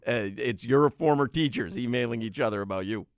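A man's voice: medium pitch, brisk, dry recording. Dry-voiced teasing radio co-host man. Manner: teasing, mock-serious ribbing. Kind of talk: casual sports talk banter.

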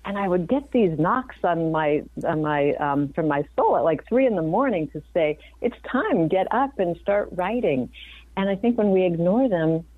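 A woman's voice: lowish voice, lively intonation, moderate pace, hardly any pauses, no echo. A woman in her fifties, a physician guest on an interview, talking earnestly and reflectively, often restarting her sentences. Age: 50s. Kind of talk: conversational interview. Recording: dry, phone-like remote audio.

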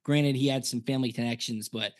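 A former punter co-hosting a casual sports podcast, telling stories and acting out quotes. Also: male voice, medium pitch, fairly quick. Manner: animated storyteller, acts out quotes.

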